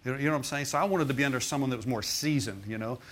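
This middle-aged pastor talks very fast in a mid-range, fairly bright voice. His sermon centers on a personal testimony told in a conversational way, full of asides checking in with the congregation.

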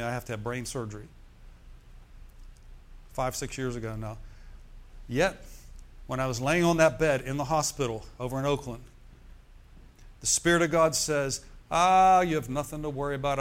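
A middle-aged man preaching a sermon, with "amen" and "hallelujah" thrown in to the congregation. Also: medium pitch. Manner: preaching with call-and-response asides. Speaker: pastor.

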